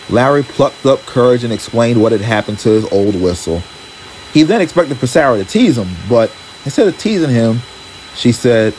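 Animated male storybook narrator. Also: mid-range voice, moderate pace, slight background noise, low-quality recording. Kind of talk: storybook narration of a fan train series.

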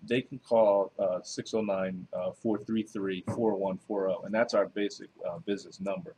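Guest, male 30s, New Jersey accent, very low voice, earnest, faint room noise. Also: steady tone, dark tone, low-quality recording. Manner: earnest, measured, many fillers. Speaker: guest, author and minister. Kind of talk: casual interview.

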